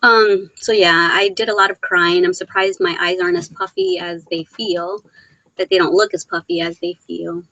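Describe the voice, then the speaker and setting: Her voice is fairly low, animated, and sharp in tone, moving at a moderate pace through a muffled recording. A middle-aged woman, she hosts a casual home live stream on a laptop mic, reading comments, giggling between sentences, and close to tears.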